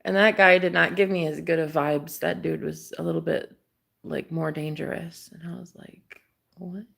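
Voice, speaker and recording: A young woman vlogger telling a story in a casual, animated way, swearing freely and acting out what people said. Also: low-pitched, normal speed, gravelly, husky.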